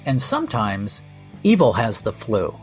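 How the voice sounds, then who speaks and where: A man's voice: fairly low pitch, wildly swooping pitch, unhurried, over music. A man hosting a podcast, telling a comic story in a wry, sardonic and profane way. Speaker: podcast host. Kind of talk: comedic storytelling monologue.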